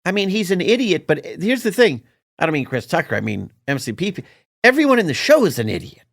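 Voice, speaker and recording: A man co-hosting a podcast in casual chat, animated and quick to joke and riff. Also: high-pitched, creaky, no room sound, clean studio sound. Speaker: podcast co-host.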